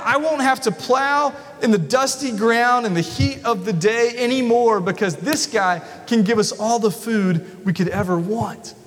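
A man voicing an excited crowd of hungry common folk, with eager, half-shouted lines. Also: high-pitched. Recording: long reverb of a large hall.

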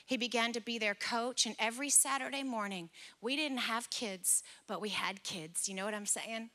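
A middle-aged woman pastor preaching a sermon, telling a personal story with lively, acted-out dialogue. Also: a little high, normal speed. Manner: animated, acts out dialogue in stories. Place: church service.

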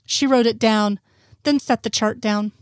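Woman, fan fiction narration, slightly high voice, steady soft reading, dry close sound. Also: unhurried, no echo. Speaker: audiobook narrator.

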